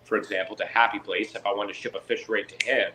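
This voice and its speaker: A man's voice: fairly low pitch, fast, crowd noise, poor audio. A man from Canada chatting casually, acting out both sides of the conversations he tells. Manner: animated storyteller, acts out both sides of conversations. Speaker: fish keeper on a live chat. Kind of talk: casual chat.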